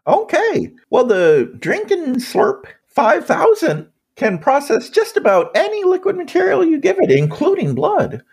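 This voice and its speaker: A woman's voice: high voice, huge pitch swings, measured pace, gravelly, hardly any pauses, darkish tone. A woman acting as game master, narrating and voicing shopkeepers in a tabletop game.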